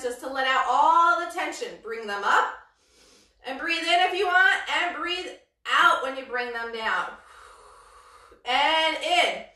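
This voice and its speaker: A woman's voice: sits high, sharp tone. A woman from Brooklyn teaching a parent-and-toddler yoga class, with cheerful, encouraging, sing-song cues. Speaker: yoga instructor. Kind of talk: live-streamed kids' yoga class. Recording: roomy echo, mic at a distance.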